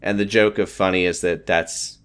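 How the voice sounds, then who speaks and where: A man's voice: low-pitched, fairly even intonation, normal speed, a bit bright, clear, resonant tone. A man co-hosting a casual chat about a TV show. He retells scenes and quotes the characters with dry jokes. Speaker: podcast co-host.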